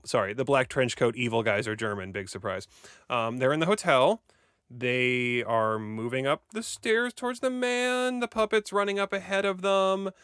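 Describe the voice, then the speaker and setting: A man co-hosting a casual podcast, joking and sarcastic as he rushes through a summary. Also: medium pitch, fairly bright tone, clear, resonant tone, no room sound, studio quality. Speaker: podcast co-host.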